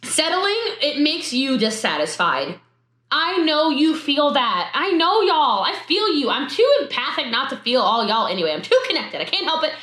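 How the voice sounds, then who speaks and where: A woman giving an emphatic motivational talk to her sales team, repeating key words and breaking into high exclamations. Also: big pitch swings, normal speed, a bit bright, echoey room. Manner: emphatic, repetitive, bursts into laughter and high-pitched exclamations.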